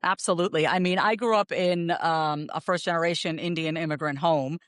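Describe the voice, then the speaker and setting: A woman, a guest on a podcast, telling personal stories in an animated way. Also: fairly low pitch, no echo, clean studio sound. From United States. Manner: animated, storytelling, quick to laugh at herself. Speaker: guest, author. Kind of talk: podcast interview storytelling.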